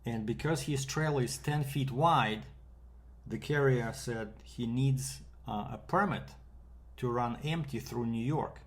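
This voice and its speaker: A man's voice: medium pitch, unhurried. A man from Canada, a freight broker, telling a rambling casual story with fillers and quoted back-and-forth.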